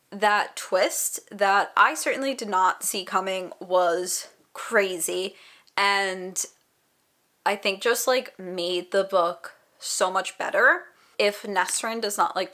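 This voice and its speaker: A woman's voice: medium pitch, bright, forceful tone. A young woman chatting casually and emotionally in a reading vlog, tired and full of exclamations. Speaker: book vlogger.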